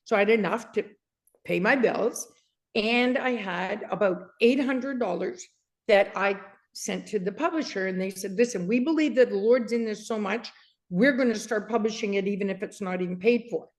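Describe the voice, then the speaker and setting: A woman's voice: medium pitch, moderate pace. A woman in her sixties from Canada, a guest author recounting a story with frequent laughter and acted-out dialogue. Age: 60s. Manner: lively, laughs often, acts out quoted dialogue. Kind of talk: animated storytelling in an interview.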